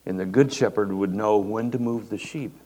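An older pastor delivers a sermon in a folksy, conversational style, his fairly low voice moving at normal speed with a slightly mellow quality. The recording comes from a church hall, reverberant with faint noise.

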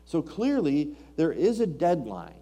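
A man's voice: fairly high pitch, huge pitch swings, measured pace, dark tone. A man preaching a sermon, reading scripture aloud and asking rhetorical questions with rising emphasis. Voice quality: King James scripture reading.

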